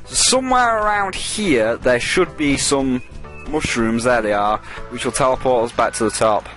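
A man commentating casually over a video game in a rambling, jokey way, cursing freely at the game. His voice sits at an average pitch, and faint game music plays underneath. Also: expressive, moderate pace, a bit bright. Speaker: let's play host.

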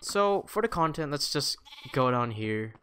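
A man giving casual gameplay commentary, excitable and self-mocking, talking to the creatures in his game. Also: medium pitch, measured pace. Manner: excitable, self-mocking, talks to the game's mobs. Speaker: gaming YouTuber. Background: background music.

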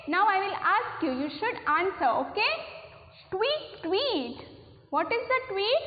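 Woman primary teacher, Indian English accent, high lively voice, keeps repeating her own questions. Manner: slow, repetitive, asks and answers her own questions. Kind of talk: online class lesson for young children. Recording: tinny lo-fi audio in an echoey room.

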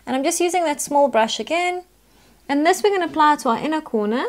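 A woman's voice: sits high, animated, quick pace. A woman, chattily talking through a makeup tutorial step by step as the host. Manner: chatty, instructive, talks through each step.

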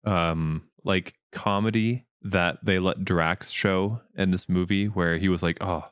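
Low smooth-voiced guy on a movie podcast, dry sound, mostly going yeah i agree. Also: steady tone, no echo. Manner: agreeable, short backchannels and quick asides. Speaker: podcast co-host. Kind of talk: casual movie review chat.

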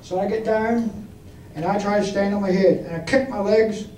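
A man's voice: sits high, steady tone, normal speed, dark tone. A man preaching a storytelling sermon, telling his own testimony in a folksy way and putting questions to the congregation. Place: church. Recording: echoey room from far off, faint noise.

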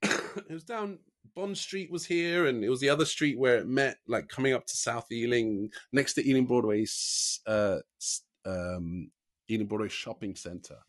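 A man's voice: mid-range voice, no room sound. Man, podcast host, rambling casual storyteller, dry close recording. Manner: rambling, backtracking storyteller, quick to laugh along.

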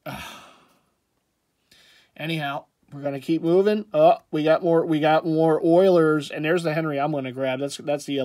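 A man with a slightly high voice talks his way through sports jerseys in a loose, rambling vlog. He drifts between comments and throws in jokey asides. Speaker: sports jersey collector vlogger. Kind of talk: casual commentary.

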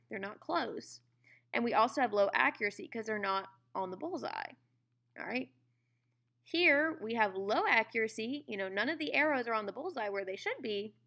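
A woman's voice: on the high side, sharp tone. A woman teaching a science lesson in a conversational way, often checking in with "okay?" and "all right?". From United States. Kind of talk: classroom lecture.

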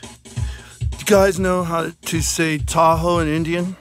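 A man rambling through goofy shout-outs in a comedic vlog, recorded on a phone. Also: fairly high pitch, flat delivery, slow pace, faint music behind. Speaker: vlogger.

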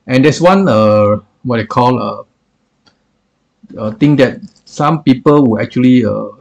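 A man walks through a software tool in a tutorial, his voice gravelly with a husky edge. He explains haltingly and keeps reaching for words with filler phrases as he clicks along. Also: mid-range voice. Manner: hesitant, filler-heavy explaining. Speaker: software reviewer. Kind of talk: screen-recorded tutorial.

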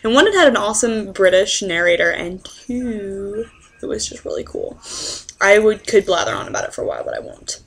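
A young woman in college, vlogging in an excitable, rambling way, swearing freely and dropping into whispers now and then. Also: medium pitch, fairly quick, gravelly, slightly rough. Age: young adult. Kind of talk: casual rambling rant.

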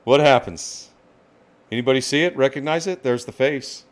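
A man hosting a live card-break stream, excitedly calling out each card and greeting viewers by name. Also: medium pitch, moderate pace.

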